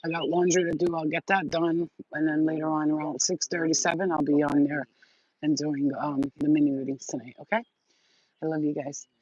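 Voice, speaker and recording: A woman's voice: deep voice, flat delivery, brisk, a little mellow, dry recording. A woman hosting a spiritual livestream, chatting casually with viewers in a rambling, affectionate way, with lots of fillers and casual swearing. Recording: dull, dry lo-fi sound.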